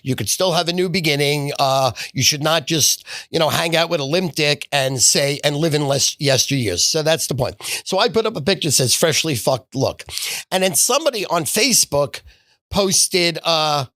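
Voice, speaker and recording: A man's voice: fairly high pitch, normal speed, pushed and bright, no room sound, clean studio sound. A man in his sixties, a guest in a casual chat, talking bluntly and crudely. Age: 60s.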